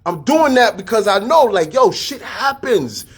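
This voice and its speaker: A man giving a casual motivational talk, energetic and full of street slang, repeating his phrases. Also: sits high, measured pace, slightly rough. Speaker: fitness studio staff and podcast host.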